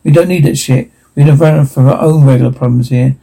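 Ein Schauspieler spielt einen schroffen Polizeichef mittleren Alters, der knapp und ungeduldig Befehle gibt. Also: male voice, mid-range voice, fairly even intonation, quick pace, vocal fry, warm tone, breathy edge. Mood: gruff.

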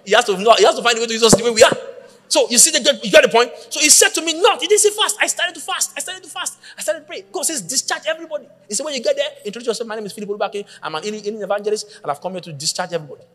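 A man preaching a sermon, telling a story with lively acted-out voices and shouting at the peaks. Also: very high voice, very fast, big-room sound. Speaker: pastor.

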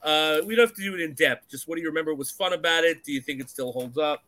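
A man's voice: fairly high pitch, fast, sharp tone. A man hosting a podcast who rambles casually, steering the talk with many fillers and restarts. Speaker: podcast host. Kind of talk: casual chat.

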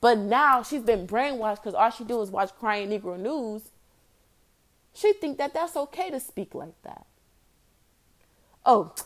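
Blunt, exasperated woman ranting to camera. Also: a little high. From United States. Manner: blunt and exasperated, with rhetorical questions. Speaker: vlogger. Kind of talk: opinion rant to camera.

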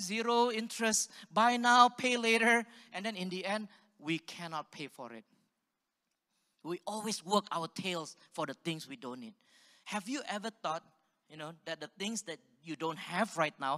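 A man's voice: sits high, bright, forceful tone. A man from Singapore giving a sermon, telling stories animatedly and asking the audience questions. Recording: long hall reverb.

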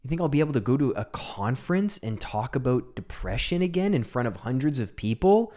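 A man speaks at a middle pitch, telling a personal story in a heartfelt talk. He drops to hushed whispers, then breaks into emphatic, dramatic bursts. He talks into a microphone. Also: very animated, fairly quick. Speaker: speaker on mental health.

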